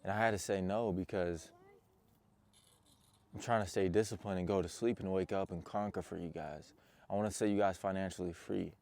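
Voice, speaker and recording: Young man, very low voice, intense, earnest, motivational coach talk. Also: steady tone, fairly quick, vocal fry, a little mellow. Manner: earnest and intense, addressing viewers directly. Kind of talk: personal motivational talk to camera.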